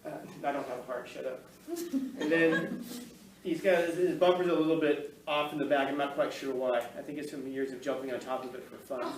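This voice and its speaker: This man speaks a little fast in a steady, mid-range voice, giving a rambling, conversational storytelling talk to a room of listeners while being filmed. He laughs and restarts often; the mic is distant, the room echoes, and there's faint ambience plus background noise.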